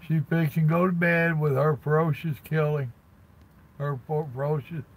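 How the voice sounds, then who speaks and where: A man's voice: fairly high pitch, steady tone, normal speed, slightly rough, poor audio. An older man, chatting casually on a live stream from his parked truck cab and greeting viewers by name in a folksy drawl.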